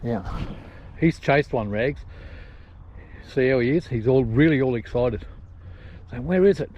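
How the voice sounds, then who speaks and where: A man's voice: mid-range voice, unhurried, dull audio, slight background noise. A man chatting casually outdoors as he works ferrets and dogs on a hillside, calling out to the animals. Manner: chatty, talks to his dogs and ferrets, shouts calls. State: sweaty from climbing hills. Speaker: ferreter filming his hunt.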